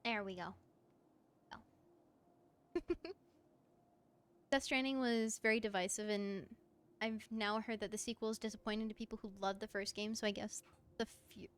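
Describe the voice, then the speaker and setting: High-voiced, excitable woman streamer. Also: unhurried, long pauses, clean tone. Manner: excitable, gushing, laughs often. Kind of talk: casual live-stream chat while playing. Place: her room at home.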